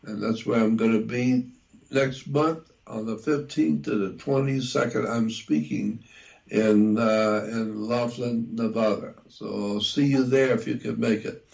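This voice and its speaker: An older American man talking slowly in a casual conversation, repeating himself and spelling words out. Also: mid-range voice, steady tone, gravelly, a little mellow, highs cut off. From United States. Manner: slow and repetitive, spells words out. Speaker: talk show guest. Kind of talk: casual radio-style conversation.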